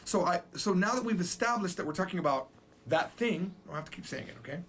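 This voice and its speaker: A man teaching a recorded language lesson, explaining patiently and slowly repeating example phrases. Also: sits high, expressive, fairly bright tone, husky.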